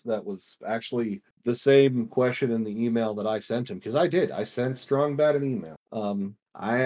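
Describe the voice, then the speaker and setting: A man's voice: mid-range voice, a little mellow. A young man co-hosting a podcast in casual chat, rambling and self-deprecating with restarts. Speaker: podcast co-host.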